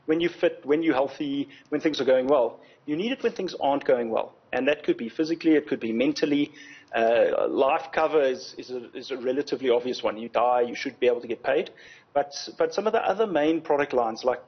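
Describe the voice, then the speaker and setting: A man, an insurance executive explaining things in a TV news interview, measured and often repeating words as he thinks. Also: mid-range voice, slightly rough, highs cut off. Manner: measured, explanatory, frequent word repetitions. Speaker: insurance company executive, guest.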